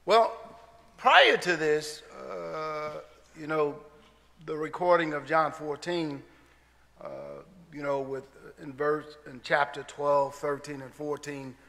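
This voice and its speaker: A man preaching a sermon as a church elder, slow and deliberate, quoting scripture. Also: fairly high pitch, lively intonation, creaky, a bit bright. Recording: long church hall reverb.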